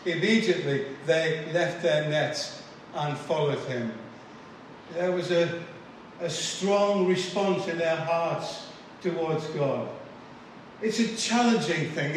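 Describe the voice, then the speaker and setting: A man preaching a sermon in an earnest, measured way, repeating key phrases for emphasis. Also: on the high side, expressive, far from the mic, a little hiss or hum. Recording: echoey room, voice from afar.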